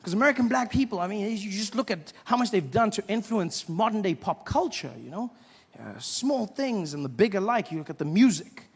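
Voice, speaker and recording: A South African man doing a stand-up comedy routine, telling stories with lively impressions. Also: high voice, brisk, slightly rough, big-room sound. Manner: animated storytelling with impressions.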